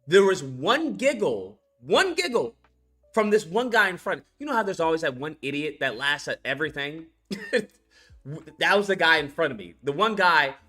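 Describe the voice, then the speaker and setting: A man reviewing a film in a casual rant, animated and profane, laughing as he recaps scenes. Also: on the high side, moderate pace, faint music behind.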